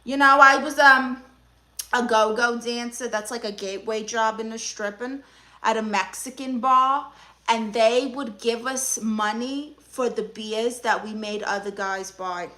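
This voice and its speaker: A young woman with a Brooklyn accent runs a live stream as a comic aunt therapist. She answers viewer comments with sass and teasing. Her voice is bright and slightly high, with a sharp edge. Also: unhurried. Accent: Brooklyn New York.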